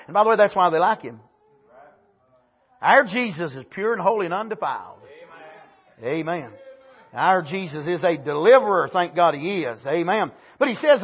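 A male preacher giving a sermon in church, stressing his points with frequent "amen"s, moving between loud, near-shouted emphasis and quiet explanation. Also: sits high, lively intonation, normal speed, breathy edge. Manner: emphatic, punctuates phrases with "amen". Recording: dull lo-fi sermon recording.

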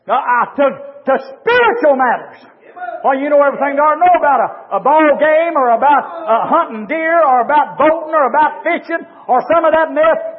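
A middle-aged man preaching a fervent sermon as pastor, hollering with sudden loud rises. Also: very high-pitched, lively intonation, a little fast, big-room sound. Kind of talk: fiery sermon. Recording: tinny, phone-like lo-fi recording.

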